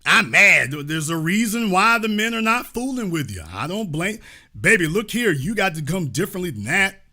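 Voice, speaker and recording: A man's voice: high voice, sing-song, moderate pace, pushed and bright. A man hosting a call-in show, talking in a mocking, insulting way and repeating his jabs. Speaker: show host. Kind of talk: call-in show arguing with a caller.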